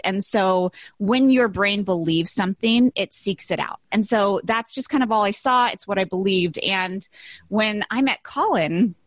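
A woman's voice: medium pitch, no room sound. A woman in her thirties, a business coach, talking effusively in a casual interview, full of "like" and "you know". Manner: effusive, chatty, many fillers like "like" and "you know". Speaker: podcast guest, business and life coach.

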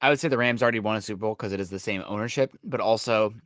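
Bright-voiced man, dry close podcast sound. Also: on the low side, no echo. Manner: fast-talking, analytical with frequent um fillers. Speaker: podcast co-host. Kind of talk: casual sports talk. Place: Seattle area.

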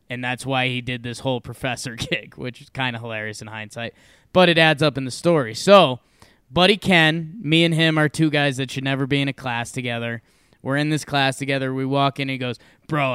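A young man co-hosting a casual podcast, telling a story with lively energy and frequent laughs. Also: mid-range voice, smooth, dry recording, studio quality. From Connecticut, USA. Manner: animated storyteller, laughs often. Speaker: podcast co-host. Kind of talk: casual chat.

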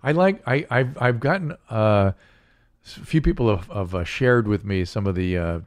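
A man's voice: lowish voice, expressive, moderate pace. A middle-aged man hosting a casual podcast chat, explaining medical terms plainly and joking along. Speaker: podcast host, physician.

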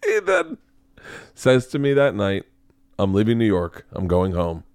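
A man's voice: lowish voice, huge pitch swings, a little slow, gravelly, darkish tone, dry recording, studio quality. A man hosting a podcast, telling a rambling story in casual chat, swearing and laughing often. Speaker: podcast host and comedian.

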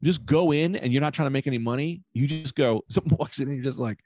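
A man co-hosting a casual podcast chat, excitable and swearing as he pitches ideas. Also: fast, few pauses, no room sound.

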